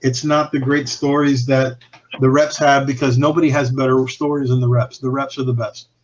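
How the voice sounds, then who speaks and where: A man's voice: medium pitch, flat delivery, moderate pace, lo-fi sound. Candid, profane man telling stories. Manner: candid and profane, often restarting and trailing off. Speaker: podcast guest from a cigar company. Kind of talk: casual anecdotal storytelling.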